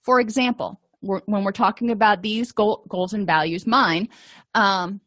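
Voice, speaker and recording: A woman's voice: medium pitch, moderate pace, fairly bright tone, dry recording. Middle-aged female counselor, conversational teaching tone, dry close sound. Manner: explanatory, conversational, uses examples. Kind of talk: recorded lecture.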